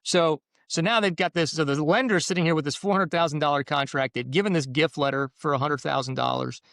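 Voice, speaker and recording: Gravelly man talking shop on a podcast. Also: fairly high pitch, brisk, a bit bright, dry recording, clean studio sound. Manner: rambling, restarts, acts out buyer and seller quotes. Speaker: mortgage professional. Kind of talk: casual podcast discussion.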